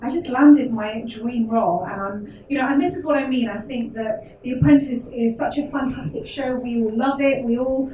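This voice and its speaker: Twenty-something woman, poised and well-spoken, a bit high, echoey room far from the mic. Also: moderate pace, few pauses, warm tone, a little hiss or hum. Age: 20s. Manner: poised, articulate, gracious. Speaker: former reality show contestant, guest. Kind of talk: group chat.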